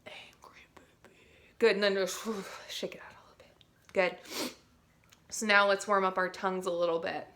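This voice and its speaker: A young woman, a teaching artist, leads young students through a playful physical and vocal warmup and demonstrates the sounds herself. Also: medium pitch, flat delivery, moderate pace, pauses often, slight background noise.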